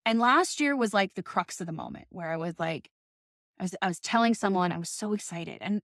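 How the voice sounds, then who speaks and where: A woman's voice: medium pitch, animated, brisk, a bit bright, dry recording, clean studio sound. A woman in her thirties talking in a casual, passionate monologue, swearing often and ranting with emphasis. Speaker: podcast host.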